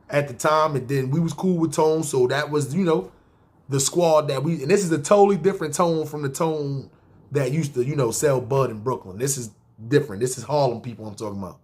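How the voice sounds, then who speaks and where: A man in his thirties with a New York accent, telling a long personal story in slangy casual talk and often checking in with the listener. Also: on the high side. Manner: slangy street talk, keeps asking "see what I'm saying". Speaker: storyteller host.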